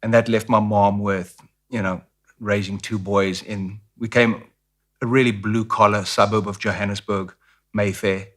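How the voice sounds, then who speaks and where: In a casual interview, a middle-aged South African guest candidly shares stories and acts out the voices of others. His lowish, fairly bright voice has a flat delivery and a measured pace.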